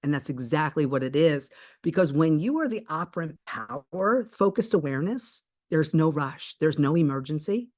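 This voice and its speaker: A coach speaking at a middling pitch, earnestly pressing each point home. They slow to a crawl on the ideas they want to land, then pick up again while telling the story. It is a lively, animated telling that acts out both sides of a phone conversation. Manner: earnest and emphatic, slowing right down on key points. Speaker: manifestation coach. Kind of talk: motivational talk with a personal story.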